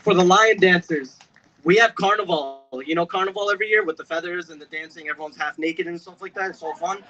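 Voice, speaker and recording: A young man giving an emotional speech at an outdoor protest, building from steady storytelling to shouting. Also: sits high, fast talker, highs cut off, slight background noise. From Pennsylvania. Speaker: protest speaker. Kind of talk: impassioned rally speech.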